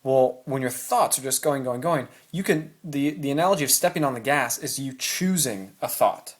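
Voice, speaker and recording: At home in a room, a self-help vlogger talks casually and animatedly to camera about choosing your thoughts, acting out anxious inner thoughts. His voice is mid-range and moderately paced.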